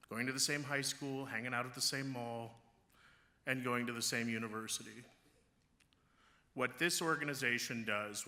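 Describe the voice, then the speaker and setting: A man accepting an award at a gala, speaking with humor as a chamber of commerce leader. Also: mid-range voice. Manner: joking, lively public speaker. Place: large gala ballroom. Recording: reverberant hall sound.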